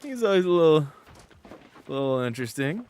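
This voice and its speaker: A man's voice: a little high, big pitch swings, fairly quick, darkish tone, clear, resonant tone. A man hosting a gaming channel, chatting casually with a friend while playing and rambling along with many restarts. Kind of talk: casual chat while playing a video game.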